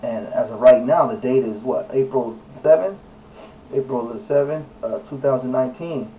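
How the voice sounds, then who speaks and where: A religious video presenter gives casual scripture teaching, reading aloud and searching online as he goes, in an emphatic, preachy manner full of fillers and self-corrections. His voice is mellow and warm, medium in pitch, at a normal speed. The rough recording is taken from a distance, with faint room noise beneath.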